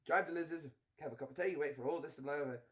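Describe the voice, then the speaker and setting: A man's voice: on the high side, fast, natural voice. A man putting on a laid-back bloke, repeating his plan. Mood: scheming. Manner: chanting a plan over and over. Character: laid-back British man plotting to wait it out at the pub.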